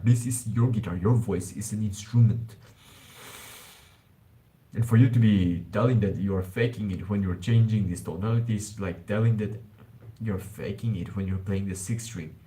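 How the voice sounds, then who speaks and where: A man's voice: lowish voice, normal speed, dark tone, rough recording. A man streaming live about self-improvement, talking in a loose, rambling way, calling listeners bro and swearing now and then. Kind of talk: casual live-stream talk.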